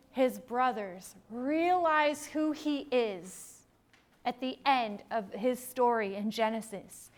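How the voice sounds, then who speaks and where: A middle-aged woman teaching a Bible sermon, emphatic, swinging between loud declarations and hushed lines. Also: on the high side.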